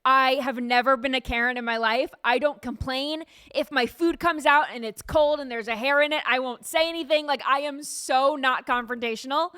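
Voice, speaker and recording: A woman podcast host in casual chat, telling stories in an animated way with frequent laughter, recorded in a studio. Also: sits high, normal speed, few pauses, smooth, dry recording.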